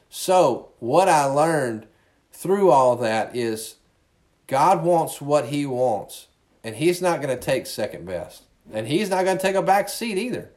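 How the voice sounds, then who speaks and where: A man's voice: on the high side, darkish tone. A male pastor giving a conversational sermon, earnest and often repeating words as he restarts his sentences.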